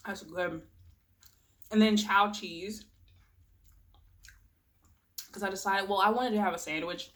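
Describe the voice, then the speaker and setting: A woman's voice: mid-range voice, steady tone, takes it slowly, long pauses, fairly bright tone. A young woman chatting casually while eating on camera, rambling, giggling and murmuring as she tastes food. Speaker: vlogger. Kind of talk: casual mukbang chat.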